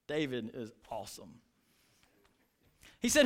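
A man's voice: high voice, animated, moderate pace, fairly bright tone. A man preaching a sermon as pastor, telling stories and acting out lines with passion. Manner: impassioned preaching, retelling stories with voices.

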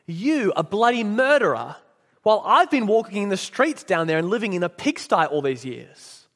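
A blustering, aggrieved male ghost, put on by a preacher reading aloud, who demands his rights. The voice sits high and pushes hard. It rings out with a long echo, as in a church hall. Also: big pitch swings, normal speed, a bit bright, full character voice. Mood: indignant.

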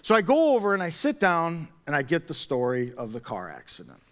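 Animated, high-voiced male pastor. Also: brisk. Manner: animated, chatty storyteller with restarts. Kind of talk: sermon with personal story.

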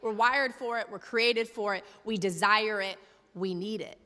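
In a large church hall with long reverb, a young woman pastor preaches a sermon in a chatty, humorous storytelling style full of fillers. She speaks at a measured pace in a medium-pitched voice with a sharp tone.

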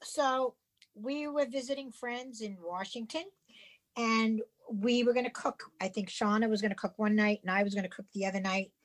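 A woman from the US East Coast telling a story in casual chat, animated and exasperated, swearing a lot. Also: on the high side, normal speed. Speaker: podcast co-host.

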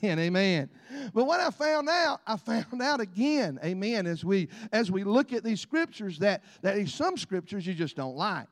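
A middle-aged man preaching a sermon, telling folksy stories punctuated by amens and laughter. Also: high voice. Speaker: pastor. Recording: long reverb in a large church.

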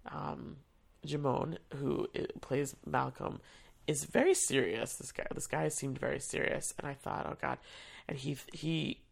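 Very gravelly, husky storyteller voice. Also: mid-range voice, animated, unhurried. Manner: casual, chatty, lots of fillers, acts out quotes. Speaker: theater education staff member. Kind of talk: personal storytelling.

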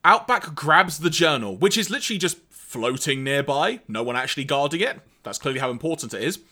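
A man with a bright, forward voice, talking through a cartoon plot for a podcast. His pitch sits a bit high and swings widely as he jokes his way through the recap. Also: fairly quick. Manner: animated, wry, summarizes plot with quoted lines. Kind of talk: casual recap chat.

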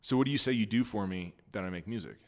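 A man with a lowish voice hosts a casual podcast. He ribs his co-host with playful what-if scenarios, and a long reverb trails his words. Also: fast talker. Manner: teasing, sets up playful hypotheticals. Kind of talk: casual chat.

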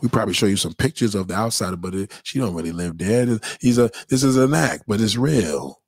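A man's voice: lowish voice, animated, fairly quick, dry recording, clean studio sound. A man riffing casually as a comedian, chatting loosely and checking in with his listeners. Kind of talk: casual comedic riff to viewers.

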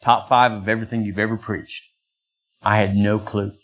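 An older man preaching a sermon as pastor, acting out quoted voices in lively bursts. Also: normal speed. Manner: animated, acts out voices with sudden high pitch jumps.

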